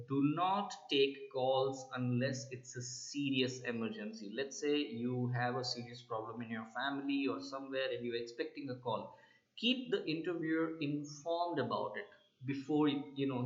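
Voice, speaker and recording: A middle-aged man, a soft skills trainer, gives emphatic interview tips to camera and keeps checking in with "right?". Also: mid-range voice. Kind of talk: instructional talk to camera. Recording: roomy, slightly dull sound.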